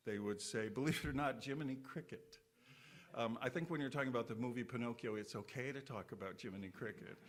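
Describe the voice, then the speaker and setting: A man's voice: medium pitch, fast. A man giving a short sermon to a congregation in a conversational, folksy way, with asides and restarts. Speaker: church speaker. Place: congregation hall.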